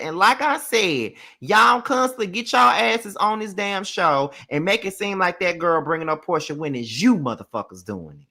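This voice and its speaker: A woman's voice: on the low side, animated, normal speed, few pauses, bright, forceful tone. A woman giving a casual live review of a reality show, blunt, profane and exasperated, repeating her points for emphasis.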